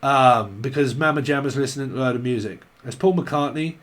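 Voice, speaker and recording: A man's voice: medium pitch, brisk, a bit bright. A man giving a casual, rambling tarot reading, joking and swearing freely. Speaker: tarot reader.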